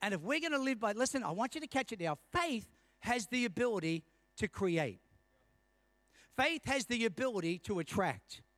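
A man's voice: sits high, animated, normal speed, fairly bright tone, no room sound. A male pastor in his fifties preaching a sermon, telling a personal story and calling out to his congregation. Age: 50s.

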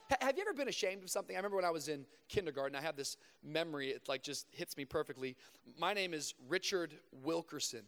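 High-voiced preacher in a big hall. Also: male voice, expressive, fairly bright tone. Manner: shifts between fast casual storytelling and slow emphatic preaching. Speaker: pastor. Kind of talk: sermon with storytelling. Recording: long reverb of a large hall.

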